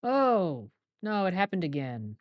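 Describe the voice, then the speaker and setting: A man co-hosts a podcast with a lively, swooping voice. He sounds playful and teasing as he runs the questions. The dry, close recording has almost no room sound. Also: sits high, unhurried, dry recording. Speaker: podcast co-host. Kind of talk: casual chat.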